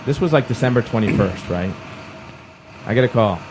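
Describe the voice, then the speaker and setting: A middle-aged man telling a long story in a casual podcast chat, lively and acting out the people in it. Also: lowish voice, moderate pace, noisy background. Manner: animated storyteller who acts out quoted voices.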